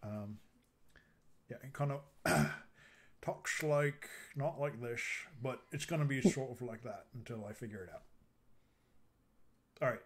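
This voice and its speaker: A man introducing his character at a tabletop game in an animated, joking, rambling way. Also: medium pitch, measured pace, pauses often. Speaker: player. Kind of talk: casual player introduction.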